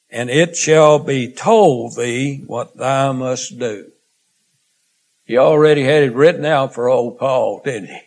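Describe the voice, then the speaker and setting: A man preaching a sermon in a slow, earnest way, drawing out phrases and letting line endings trail off quietly. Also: mid-range voice.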